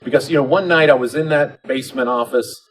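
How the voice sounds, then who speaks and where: Speaking fast at medium pitch, a middle-aged man delivers a motivational speech in a convention hall, heard on poor audio. His storytelling is animated and funny, with dialogue he acts out himself.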